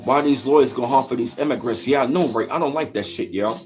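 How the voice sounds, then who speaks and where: A man's voice: medium pitch, fast, faint music behind. A man hosting a reaction channel, ranting in a heated, profane way and repeating himself with "yo". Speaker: commentary channel host.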